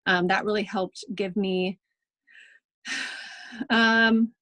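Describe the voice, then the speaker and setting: A woman's voice: mid-range voice, steady tone, very slow, pushed and bright, dry recording. A woman leading a team in a casual, chatty training talk over a video call, full of ums and reassurance. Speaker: team leader in direct sales.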